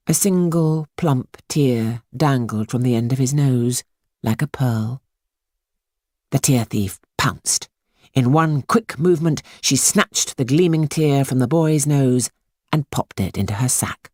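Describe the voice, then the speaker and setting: A woman reading a children's story aloud in a hushed, suspenseful manner. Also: very deep voice, measured pace, dry recording, clean studio sound. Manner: hushed and suspenseful, lingering on words. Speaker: audiobook narrator. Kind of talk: scripted storybook narration.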